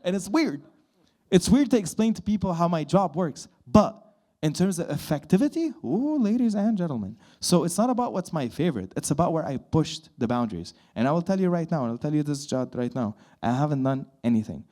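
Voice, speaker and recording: A man of thirty holds a stage chat, his voice a touch high but dark and mellow in tone. He tells stories with lots of energy and acts out both sides of the dialogue. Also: fairly quick. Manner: animated storyteller, acts out dialogue. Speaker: voice-over artist and sound composer. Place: event hall with live audience.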